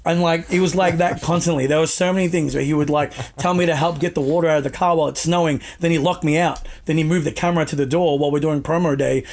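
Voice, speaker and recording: A man's voice: a little high, steady tone, fast, few pauses, darkish tone. A young Australian man in his twenties, a podcast guest telling casual, self-mocking anecdotes with the odd swear word. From Melbourne, Australia.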